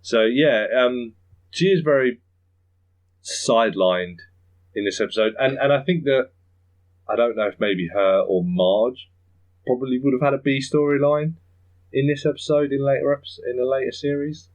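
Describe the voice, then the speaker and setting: A man hosting a podcast in casual chat, rambling, chuckling often and slipping into quick impressions. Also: mid-range voice, a little mellow, low-quality recording. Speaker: podcast host.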